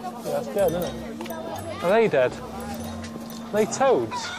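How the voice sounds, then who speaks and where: A man giving bemused, deadpan commentary while he travels. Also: high-pitched, slow. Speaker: travel show presenter. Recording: music under the voice.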